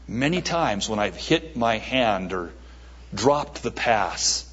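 Husky guy preaching slow at church, lots of pauses and repeats, kinda muffled lo-fi audio. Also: medium pitch, expressive, fairly bright tone. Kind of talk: sermon with an altar call. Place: church service.

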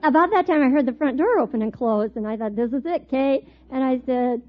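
A woman's voice: high voice, brisk, hardly any pauses. Tinny-recorded woman teaching a Bible class. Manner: animated storyteller, laughs often while telling. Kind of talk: Bible teaching with personal stories.

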